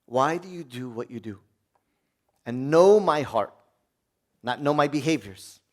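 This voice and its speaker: A man, a priest, preaching a sermon in a conversational way, asking the audience questions and swinging from hushed prayer to loud exclamation. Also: mid-range voice, animated, unhurried.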